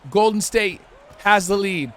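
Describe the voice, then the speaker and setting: A man narrating his own basketball video game like a sportscaster, loud and slangy, shouting at big plays. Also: sits high, a little slow. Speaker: gaming YouTuber. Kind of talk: playful sportscaster-style play-by-play over a video game.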